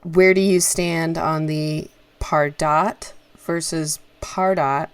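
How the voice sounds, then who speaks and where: A woman's voice: deep voice, steady tone, slow pace, smooth. A woman co-hosting a podcast who talks in a chatty, rambling way and asks questions over a remote call. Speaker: podcast co-host. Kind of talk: casual interview chat.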